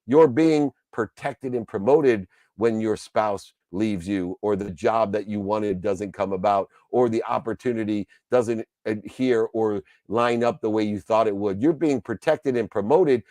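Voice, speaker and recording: A male motivational speaker delivering an emphatic, preachy talk built on rhythmic repeated lists. His voice is mellow and warm, and the sound is dry and close. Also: lowish voice, unhurried, few pauses, dry recording. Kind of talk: motivational speech.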